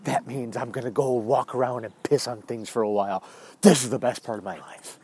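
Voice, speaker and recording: A man voicing his eager, excited male pet dog in an everyday voice. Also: mid-range voice, a little fast, breathy edge, pitched below the performer's own voice, close to an everyday voice.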